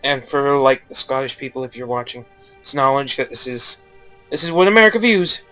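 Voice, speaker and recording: A man's voice: mid-range voice, animated, a little fast, sharp tone, faint music behind. A young man giving casual, rambling game commentary, joking and swearing freely. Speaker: gaming YouTuber.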